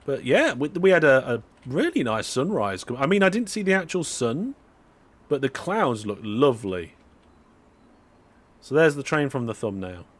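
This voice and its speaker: Young UK man, chatty live-stream gamer, talks to viewers mid-game, relaxed and rambling. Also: a little high. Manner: chatty, talks to viewers while playing, frequent fillers and restarts. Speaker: streamer driving a train simulator. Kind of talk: casual live-stream commentary.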